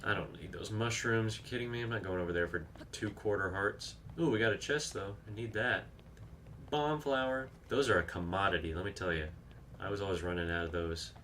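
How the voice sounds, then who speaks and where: Bright-voiced man chatting over gameplay. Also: on the low side, brisk, slight background noise. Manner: chatty, reads out viewer comments, exclaims at the game. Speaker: video game streamer. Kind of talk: live gameplay commentary.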